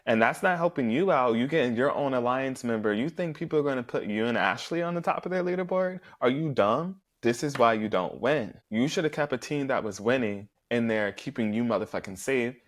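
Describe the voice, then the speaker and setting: A man talks straight into the mic in a loose, blunt recap full of swearing. He jumps into quick impressions of the people he's covering, then drops back to his own opinions. His voice sits at an ordinary middle pitch. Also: expressive. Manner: profane, blunt, acts out contestants' lines. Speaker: podcast host recapping a reality show. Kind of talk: casual recap commentary.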